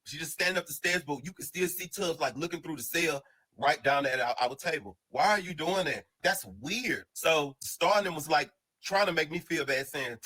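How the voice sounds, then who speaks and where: A man telling a casual storytime monologue in an animated, slang-heavy, rambling way full of restarts. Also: on the high side, a little fast, low-quality recording.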